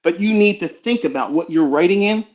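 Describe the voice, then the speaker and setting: A man's voice: high voice, animated, fairly quick. A middle-aged man giving a blunt, profane motivational lecture full of rhetorical questions, on a dull recording. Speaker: trading mentor. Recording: dull lo-fi sound.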